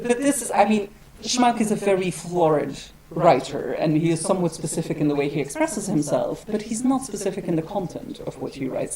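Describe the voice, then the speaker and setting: A woman with a low, settled voice gives an academic lecture to a room full of people. She talks in a wry, digressive way and hedges often as she thinks aloud. The murmur of the audience is clearly heard behind her. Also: poor audio. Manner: wry, digressive, with frequent hedging asides.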